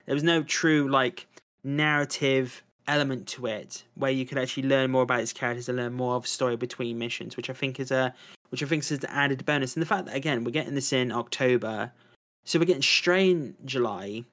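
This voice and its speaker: Excited male co-host who rambles and trips over his own corrections. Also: mid-range voice, brisk. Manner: enthusiastic, rambling, self-correcting. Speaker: podcast co-host. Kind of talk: casual chat about video games.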